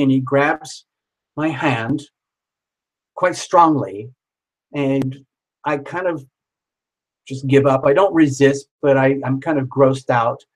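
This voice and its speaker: A man's voice: on the high side, rough recording. Rambling, casual male storyteller. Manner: rambling, repeats himself, swears casually.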